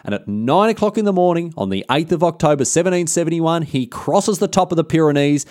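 A man's voice: fairly high pitch, expressive, quick pace, darkish tone, no room sound, studio quality. A man hosting a history podcast, telling the story in a casual, slangy, cheeky way.

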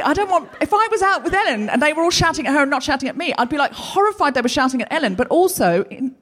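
A woman from Australia hosting a live comedy show with laughing, animated, self-mocking stand-up storytelling. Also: high-pitched, fast talker, few pauses, a little hiss or hum. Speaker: comedian host. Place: live festival stage.

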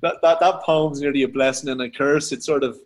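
A man with an Irish accent, a poet talking casually as a podcast guest, reflective and halting with many restarts. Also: medium pitch, fairly even intonation, low-quality recording. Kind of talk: casual conversation.

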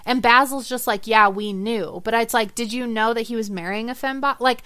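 A woman's voice: on the high side, steady tone, moderate pace, fairly bright tone, clean tone, dry recording. A young woman co-hosting a movie podcast, talking casually and animatedly, laughing and acting out quotes. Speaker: podcast co-host. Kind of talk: casual chat.

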